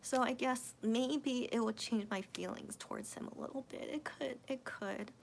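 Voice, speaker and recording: Gravelly-voiced woman chatting on a livestream. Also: on the high side, moderate pace, a little hiss or hum. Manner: hesitant, thinking aloud with many restarts. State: emotional, voice cracking near tears. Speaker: livestream host reading viewer comments. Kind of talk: casual late-night livestream chat.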